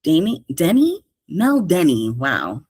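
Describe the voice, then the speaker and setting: Low-voiced, lively New York woman. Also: slow pace, slightly rough, no echo. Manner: slangy, animated, talks straight to listeners. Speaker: career coach and podcast host. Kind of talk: casual solo podcast monologue.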